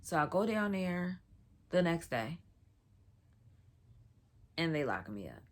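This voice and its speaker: A woman's voice: deep voice, very animated, takes it slowly. A woman vlogger telling a personal story in a casual storytime, slangy and loose, full of "like" fillers.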